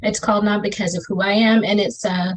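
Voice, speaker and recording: A woman's voice: mid-range voice, flat delivery, brisk, low-quality recording. A woman with a Southern US accent performing her own spoken-word poetry over a video call, with a rhythmic, emphatic delivery and Southern slang. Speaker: poet.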